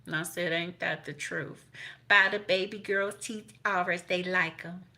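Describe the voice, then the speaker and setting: A middle-aged woman reads tarot cards for her viewers in a loose, chatty way. Her voice sits a little low yet comes across bright and forceful, and she swears freely while acting out what people say. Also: steady tone, slow pace. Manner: profane, blunt, chatty, quotes people in voices. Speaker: tarot reader. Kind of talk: casual tarot reading to viewers.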